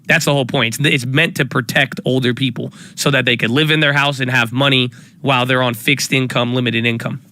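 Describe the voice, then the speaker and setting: Fairly quick and mid-range in pitch, a man hosts a live stock-trading stream in clean studio sound with no room sound. He hypes his viewers in a casual, energetic manner, repeating his calls over and over.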